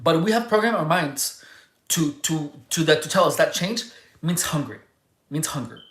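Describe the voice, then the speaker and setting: A livestream host talking casually and answering viewers' chat, rambling and halting, restarting sentences and searching for words. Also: mid-range voice, lively intonation, a bit bright, reverberant.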